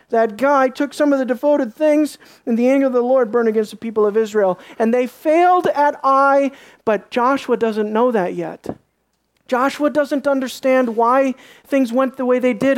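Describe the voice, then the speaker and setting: During a sermon, a preacher reads scripture aloud and questions the congregation, sinking into soft, low asides and then rising into sharp emphasis.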